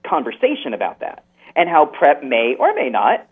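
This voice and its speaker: Man on a tinny phone line, lively. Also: on the high side, moderate pace, husky. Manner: earnest, explanatory. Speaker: therapist guest.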